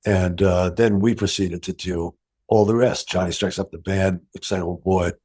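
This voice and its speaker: Older male guest, low-ish voice, animated anecdotal delivery. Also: moderate pace, breathy edge. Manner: animated anecdotes, acts out quoted dialogue, laughs often. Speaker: session guitarist, interview guest. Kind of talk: storytelling interview.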